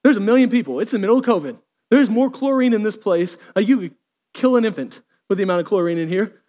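A man, preaching a sermon, swinging from lively storytelling to quiet intensity. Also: sits high, quick pace, big-room sound, highs cut off. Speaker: pastor.

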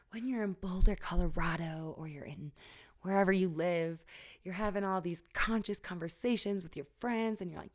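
A woman's voice: fairly low pitch, normal speed. A woman hosting a podcast, giving candid, casual coaching advice with frequent laughs and casual swearing. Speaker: podcast host.

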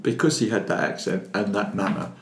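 Fairly low-pitched and a little fast, this older Londoner with a Cockney accent is a filmmaker chatting casually as an interview guest. He's an animated storyteller who repeats words when beginning, heard over slight background noise and a roomy echo.

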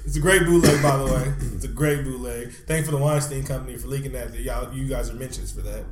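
A man's voice: medium pitch, fairly even intonation, fast talker, crowd noise. A man co-hosting a casual chat podcast, telling stories animatedly and swearing freely. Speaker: podcast co-host. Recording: roomy echo.

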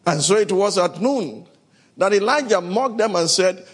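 A man's voice: high voice, animated, normal speed, breathy edge. A man preaching a sermon, reading scripture and calling out to the congregation in dramatic bursts. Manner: dramatic, shouting bursts, Bible reading, call-and-response. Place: large hall with congregation. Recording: echoey hall.

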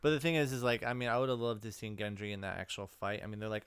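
A young man chatting fast on a casual podcast, teasing his friend and swearing freely. His voice is smooth and crisp, recorded close in a dry space. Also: lowish voice, little pitch movement, a bit bright, no room sound. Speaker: podcast co-host. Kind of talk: casual chat.

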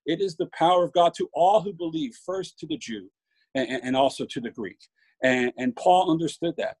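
A man preaches an informal sermon, earnest and building in emphasis as he stacks up points. His voice has a slight husky edge, sitting at an ordinary middle pitch. The sound is dry and close, with little room around it. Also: darkish tone, dry recording, rough recording. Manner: earnest, with frequent restarts and rising emphasis.

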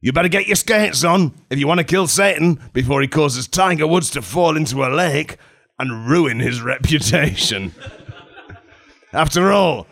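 A man's voice: on the high side, lively intonation, moderate pace, vocal fry, a bit bright, pitched above the performer's own voice, heavily acted. A man voicing a jovial, blustering male God in a put-on Scottish accent, rambling in a hearty, mock-grand way. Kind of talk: improvised comedy role-play.

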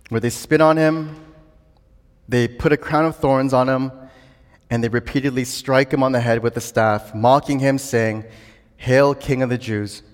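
A man preaching a sermon earnestly, building to emphatic declarations. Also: mid-range voice. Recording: long hall reverb.

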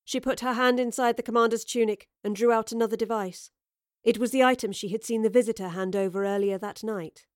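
A woman narrating an audio drama in a steady, measured storytelling voice. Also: fairly high pitch, dry recording, clean studio sound. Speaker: narrator and sole performer.

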